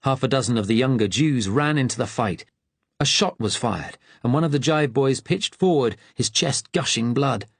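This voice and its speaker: A man narrating an audiobook thriller in a measured, tense storytelling voice. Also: medium pitch, animated, breathy edge, dry recording.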